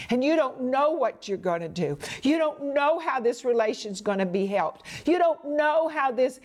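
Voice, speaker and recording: Woman Bible teacher, unhurried and earnest, slightly high voice, whispers for emphasis. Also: a little mellow. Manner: addresses listener as "my friend". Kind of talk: devotional teaching.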